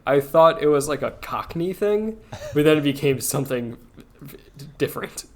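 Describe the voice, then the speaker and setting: A man's voice: fairly high pitch, animated, moderate pace. A man co-hosting a podcast in rambling casual chat, full of "like" and with frequent giggles. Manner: rambling, filler-heavy, giggly. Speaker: podcast co-host.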